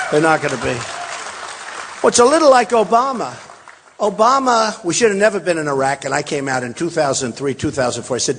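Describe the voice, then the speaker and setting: A man's voice: a little high, a little hiss or hum. A man in his sixties, a political candidate giving a rambling, emphatic campaign rally speech with many repetitions and asides to the crowd. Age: 60s. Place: large hall. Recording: long hall reverb.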